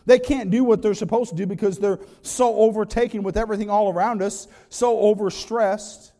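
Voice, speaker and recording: A pastor delivering a sermon, swinging between loud emphatic lists and quiet, low asides. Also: male voice, fairly even intonation, brisk, hardly any pauses, long reverb tail. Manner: preaching with dramatic rises and drops, repetitive emphatic lists.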